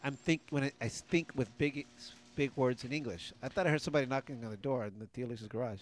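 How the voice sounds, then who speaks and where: A man's voice: mid-range voice, quick pace, a little hiss or hum. A man co-hosting a casual podcast from a garage studio, rambling and stumbling over his words. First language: Spanish. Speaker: podcast co-host. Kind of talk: casual chat.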